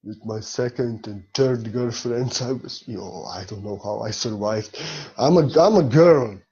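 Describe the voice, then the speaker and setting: A man's voice: medium pitch, a little slow, a little mellow, slightly rough, dull audio. A man giving an informal spiritual talk as a teacher, speaking candidly and emotionally, blunt and sometimes swearing.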